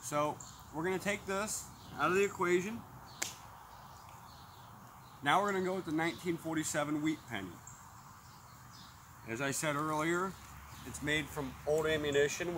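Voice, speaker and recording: A man's voice: on the high side, lively intonation, moderate pace, long pauses, a bit bright, low-quality recording. A man reviewing a metal detector outdoors, casually calling out each tone as he tests coins and metals. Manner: plainspoken, calls out tones as he tests. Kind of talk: casual product demonstration. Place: outdoors in a yard. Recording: outdoor noise behind the voice.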